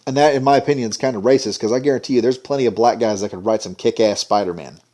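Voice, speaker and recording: A man's voice: medium pitch, racing, dark tone. A man giving an indignant, sarcastic ranting commentary. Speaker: commentary vlogger.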